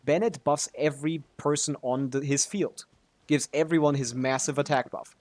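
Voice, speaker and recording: A man giving casual gaming commentary, explaining character mechanics with frequent "uh" fillers and slowing down to emphasize points. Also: mid-range voice, fairly even intonation, a little mellow, dry recording. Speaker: game content creator. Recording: faint background music.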